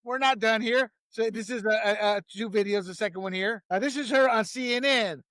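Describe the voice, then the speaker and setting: A man's voice: high-pitched, brisk, fairly bright tone, no echo, studio quality. A man hosting a political commentary show, talking in a heated, emphatic way and laughing at his own jokes.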